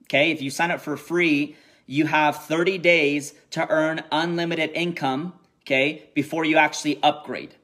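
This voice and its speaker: A man speaking with a fairly high-pitched voice in a loose, pumped-up motivational talk to his team. He drives his points home by repeating them and keeps tagging lines with "okay?" and "right?". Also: moderate pace. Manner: energetic, repeats himself, peppers lines with "okay?". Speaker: network marketing team leader. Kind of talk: motivational live stream talk. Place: resort room by a heated pool on a snowy day.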